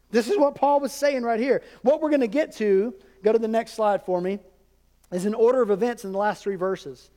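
High-voiced pastor preaching in a reverberant hall. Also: male voice, a little mellow. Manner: conversational preaching with asides to the congregation. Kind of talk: sermon. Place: church sanctuary. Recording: long reverb of a church hall.

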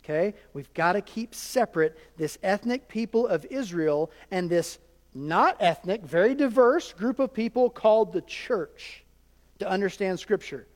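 A male pastor preaching a sermon in an animated, conversational way, often checking in with his congregation. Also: high voice, measured pace. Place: large church hall. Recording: hall reverb.

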